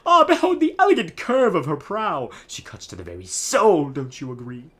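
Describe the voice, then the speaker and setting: A man doing a vain, boastful rich merchant who speaks in grand, flowery phrases and swoops wildly up and down in pitch. The tone is bright and forceful, pitched well above the man's own voice. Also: big pitch swings, normal speed, breathy edge, heavily acted. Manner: theatrical, boastful, flowery speech. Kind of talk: reading game dialogue aloud in voices.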